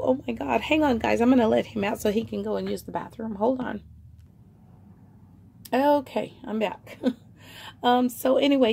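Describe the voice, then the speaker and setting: Warm and creaky at a medium pitch, a woman's voice runs through a casual show-and-tell of vintage items she sells online. Her talk is chatty and rambling, packed with fillers.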